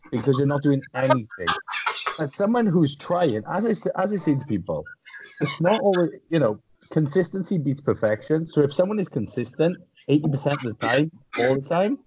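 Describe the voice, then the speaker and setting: A man's voice: on the high side, sing-song, brisk, a little mellow, slight background noise, low-quality recording. A man with a Welsh accent, a fitness coach talking bluntly and with plenty of swearing in a casual podcast chat.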